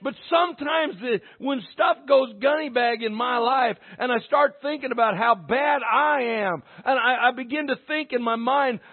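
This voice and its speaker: A man preaching a sermon to his church with passion, dropping to a hush and then rising to a shout. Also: very high voice, normal speed, hardly any pauses. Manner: impassioned, swinging from hushed to shouting. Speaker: pastor. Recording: tinny phone-like sound.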